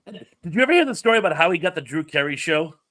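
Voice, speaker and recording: A man hosts a relaxed livestream talk, spinning anecdotes with plenty of fillers and easy laughter. His voice sits a little high and rings bright and sharp. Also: quick pace. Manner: chatty storyteller, laughs often, many fillers. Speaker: show host. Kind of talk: casual livestream chat.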